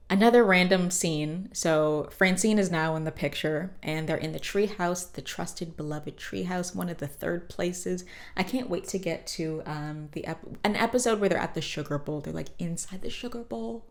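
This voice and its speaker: A woman hosting a podcast, casually recapping a cartoon episode with swearing and quick character voices. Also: fairly low pitch. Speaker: podcast host.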